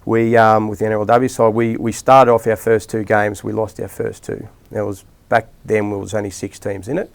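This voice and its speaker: Gravelly low-voiced Australian coach. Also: male voice, level tone, normal speed, hardly any pauses. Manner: rambling anecdotes with many restarts and fillers. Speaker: rugby league coach, podcast guest. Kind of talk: casual storytelling interview.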